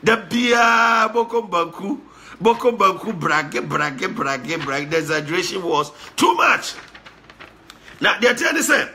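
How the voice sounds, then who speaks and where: Ghanaian accent, man, animated repetitive commentary, swooping expressive pitch. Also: a little slow. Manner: animated, repetitive, mixing Pidgin and Twi. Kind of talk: casual spoken commentary.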